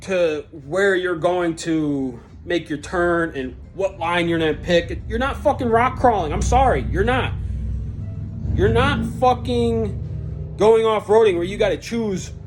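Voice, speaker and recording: Foul-mouthed truck vlogger on a rant, mid-pitched voice, faint music underneath. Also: unhurried. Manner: heated, sweary, blunt; jumps from shouty peaks to low grumbling. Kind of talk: angry profane rant to camera.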